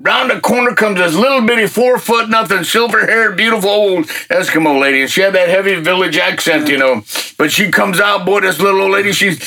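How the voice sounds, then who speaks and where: Gravelly, husky older man telling a story. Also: high voice, fairly quick. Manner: folksy and animated, with colloquial grammar. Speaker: guest telling a testimony. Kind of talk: casual storytelling.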